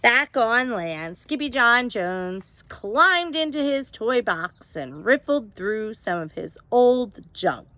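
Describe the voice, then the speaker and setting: A woman reads a children's storybook aloud, leisurely and full of expression. Her fairly high voice rises and falls a lot, and the sound is close and dry, as at home. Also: dry recording. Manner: expressive, asks listeners questions. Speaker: storybook reader. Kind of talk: reading a picture book aloud to children.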